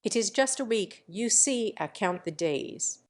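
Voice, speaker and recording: A woman's voice: mid-range voice, animated, measured pace, natural voice. A woman voicing an old retired general, blustering and stammering in his rage. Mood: enraged.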